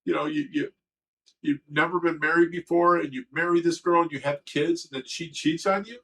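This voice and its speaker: A man's voice: on the high side, fairly even intonation, fairly quick, fairly bright tone, husky, low-quality recording. A livestream host talking candidly and emotionally, rambling and swearing as he tells a personal story. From Ohio.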